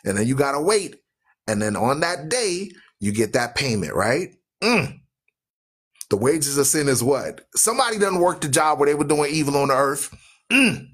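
A man hosting a radio talk show who preaches loudly and emphatically, asking listeners "right?" and driving points home with rhythmic repetition. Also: on the high side, big pitch swings, normal speed, breathy edge. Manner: asks listeners questions with "right?".

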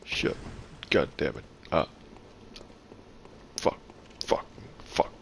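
A man giving profane gameplay commentary, taunting enemies and shouting in frustration. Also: extremely slow, slight background noise. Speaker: gaming YouTuber.

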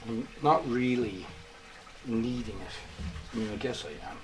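A man makes bread in his home kitchen, casually walking through each step and cracking self-mocking jokes. His voice is medium in pitch with a measured pace, and the recording carries loud background noise and running water.

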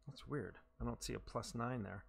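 A man's voice: medium pitch, moderate pace, creaky, slightly rough. A man streaming a game live, reacting aloud to his own shots, swearing when frustrated, poking fun at himself and chatting with viewers. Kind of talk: live gameplay commentary.

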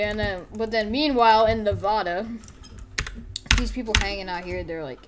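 A woman's voice: mid-range voice, moderate pace, background noise. A woman giving goofy, rambling commentary over a sandbox game, making up a story as she plays. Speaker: gameplay commentator. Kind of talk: casual gameplay commentary. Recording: keyboard typing and clicks audible.

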